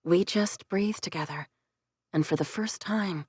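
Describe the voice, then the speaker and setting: A woman reads a first-person audiobook. Her voice sits low for a woman, and her delivery is reflective and even. The recording is close and dry. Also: a little slow, breathy edge, no echo. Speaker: audiobook narrator.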